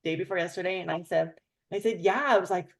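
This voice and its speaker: A woman hosting a casual chat, telling a story with lively, acted-out quotes of other people. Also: on the low side, fast, creaky. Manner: animated storyteller, acts out quoted voices. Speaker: host.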